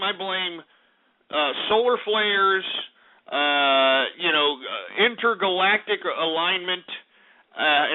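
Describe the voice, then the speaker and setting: A man hosting a radio show, reading market numbers in a profane, ranting comic style, swinging between loud outbursts and mutters, and he says he has been drinking. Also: sits high. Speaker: radio host. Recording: lo-fi phone-like internet radio audio.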